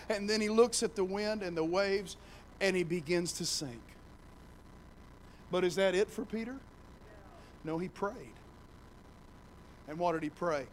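A man preaching a sermon to his church, telling the story with animated voices and building to loud, shouting passages. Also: sits high, normal speed, slight background noise, poor audio. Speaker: pastor. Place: church sanctuary.

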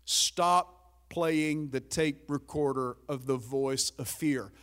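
A man's voice: medium pitch, slow, a bit bright. A pastor preaching a sermon in an emphatic, conversational way, often checking in with his listeners.

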